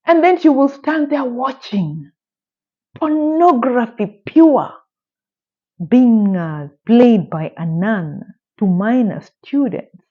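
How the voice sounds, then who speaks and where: A woman's voice: fairly high pitch, animated, slow pace, highs cut off. A woman telling a true story in a casual storytime style, emphatic and indignant, with rhetorical questions.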